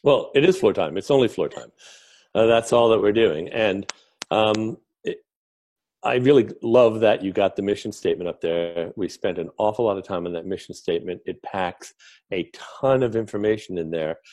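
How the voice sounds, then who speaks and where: A man as an interview guest, talking in a relaxed, chatty way with self-deprecating jokes. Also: lowish voice, moderate pace. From Northern New Jersey, USA. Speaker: guest, clinical consultant.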